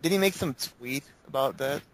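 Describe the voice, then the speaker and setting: A man on a casual panel chat who chimes in with quick quips. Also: mid-range voice.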